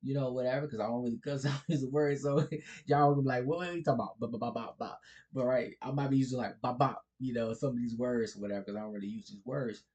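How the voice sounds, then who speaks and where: A man holds forth in a loose, rambling vlog chat at an ordinary middle pitch. He chuckles through his points and keeps checking in with the listener with a "right?". His speech is colloquial and unpolished. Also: steady tone, fast talker, darkish tone. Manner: chuckles often, with frequent "right?" and "like". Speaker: vlogger. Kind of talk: casual talking-head monologue.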